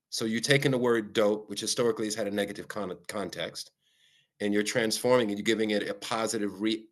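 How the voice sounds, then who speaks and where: A man speaking as a guest, talking reflectively and measuredly, often pausing on "um" and checking in with "right?". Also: on the low side, fairly bright tone. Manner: measured, with frequent ums and rhetorical "right?". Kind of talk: reflective conversational talk.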